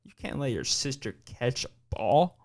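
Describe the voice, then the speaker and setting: A man in his twenties rambles through childhood memories as a podcast host, at an ordinary middle pitch. His talk is casual and laid-back, full of swearing. He leans on man and dude as he goes. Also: big pitch swings, moderate pace, background noise. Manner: rambling, profane storytelling. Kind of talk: casual chat.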